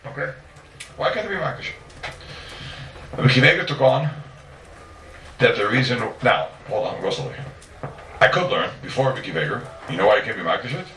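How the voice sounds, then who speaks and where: A man's voice: medium pitch, animated, fast, bright, forceful tone, a little hiss or hum. A man teaching a Talmud class, restating his points and posing rhetorical questions he then answers. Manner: repeats and restates points emphatically. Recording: echoey room, mic at a distance.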